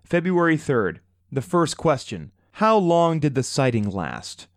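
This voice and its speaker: A male podcast co-host with a very lively, swooping voice, joking as he tells the story. The sound is dry and close, with no room in it. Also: fairly high pitch, unhurried, dry recording. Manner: playful, jokey, animated storyteller. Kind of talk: casual chat.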